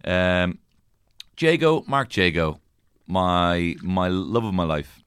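Man, comedy podcast co-host, very deep and smooth, rambling jokey banter. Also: very animated, takes it slowly, fairly bright tone, dry recording, clean studio sound. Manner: rambling, joking, self-deprecating. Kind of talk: casual banter.

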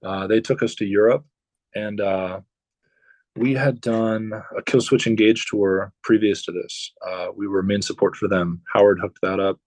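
A musician telling stories about touring with other bands in a loose, rambling way, with lots of fillers and swearing. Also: male voice, on the low side, fairly even intonation, normal speed, darkish tone, dry recording, rough recording. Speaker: musician guest. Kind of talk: casual storytelling.

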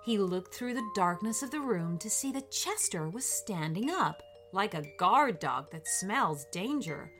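A woman reading a children's bedtime story aloud in an expressive, lilting voice. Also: mid-range voice, measured pace, hardly any pauses, over music.

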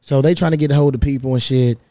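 A man in his thirties hosting a casual podcast, telling a story in a lively, profane way. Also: mid-range voice, fast talker, no room sound, studio quality. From United States. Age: 30s. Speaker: podcast host.

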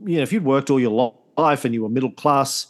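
A man, co-hosting a history podcast, telling it in a casual, halting way with many restarts. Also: medium pitch. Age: 50s. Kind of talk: casual conversational storytelling.

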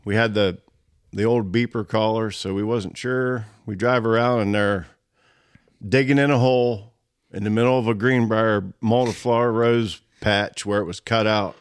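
A man's voice: on the low side, moderate pace, clear, resonant tone, dry recording, clean studio sound. A man telling a hunting story in casual, colloquial speech, laughing as he goes. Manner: animated, laughs through his story; rural colloquial grammar. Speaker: guest storyteller.

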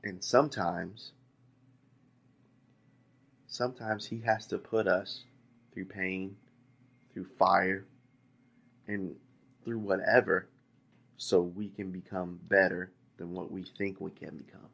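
A man's voice: deep voice, fairly even intonation, takes it slowly, creaky, long pauses, a bit bright, breathy edge. A man preaching a sermon, earnest, asking rhetorical questions and repeating key phrases.

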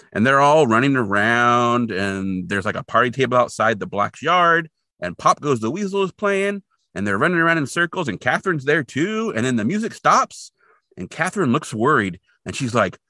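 Man, podcast co-host, lively up-and-down delivery, rambling episode recap, dry close mic. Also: medium pitch, no room sound. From Portland, Oregon resident since 2003. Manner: rambling, lively retelling with fillers. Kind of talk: casual episode recap chat.

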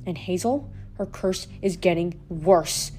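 A woman doing a bitter, shouting mother. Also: lowish voice, slow, a little hiss or hum. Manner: shouting, accusing.

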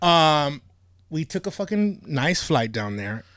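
A man's voice: on the high side, slow pace, dry recording, clean studio sound. A man hosting a podcast, telling a story in a casual, profane way and laughing often. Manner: animated, swears a lot, laughs often. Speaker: podcast host.

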